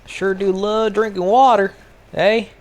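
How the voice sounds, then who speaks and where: A man's voice: sits high, steady tone, a little slow. A man giving casual gameplay commentary, rambling and sarcastic, swearing often. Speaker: gaming video creator.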